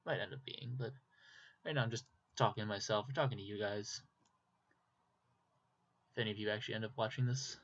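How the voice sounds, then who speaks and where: A man's voice: fairly low pitch, fairly quick, long pauses, a bit bright. A young man from Minnesota with a Minnesotan accent, rambling casually to himself while drawing, with self-deprecating asides. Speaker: YouTuber. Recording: dull lo-fi mic.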